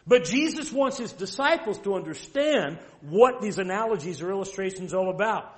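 Man, high voice, sermon, emphatic preaching, rhetorical questions, slow scripture reading. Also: animated.

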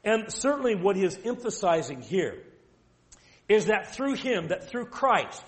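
In a high, sing-song voice, a man preaches an emphatic, direct sermon, posing rhetorical questions to his listeners and slowly reading scripture aloud.

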